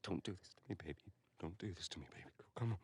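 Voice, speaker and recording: A man's voice: low-pitched, fast talker, background noise, pitched above the performer's own voice, lightly acted. An actor playing a desperate father who sobs and pleads as he holds his hurt daughter. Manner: pleading, sobbing. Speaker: game character. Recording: game audio with loud music.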